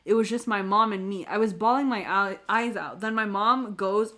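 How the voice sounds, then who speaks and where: A woman's voice: mid-range voice, fairly even intonation, normal speed, a bit bright. Podcast co-host, woman, reads aloud casually, trips over words and laughs them off. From Canada. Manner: reads aloud with slips and laughs at her own mispronunciations. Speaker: podcast co-host reading stories.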